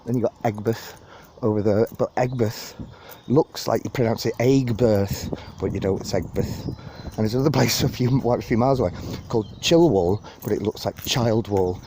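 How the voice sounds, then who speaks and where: A man chats his way through a park while holding his phone. His voice is mellow and soft-edged, and faint nature sounds murmur in the background. He rambles and laughs at his own asides. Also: lowish voice, fairly quick, hardly any pauses, a little hiss or hum. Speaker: vlogger giving a park tour. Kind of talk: casual walking tour narration. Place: outdoors in a city park. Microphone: phone held while walking.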